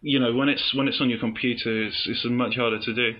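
Male podcast co-host, playful and halting, muffled dull sound. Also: medium pitch, fairly even intonation. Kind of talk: casual chat.

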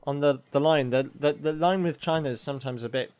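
A man hosting a casual podcast, joking and animated, often restarting his sentences. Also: a little high, brisk, clean tone. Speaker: podcast host.

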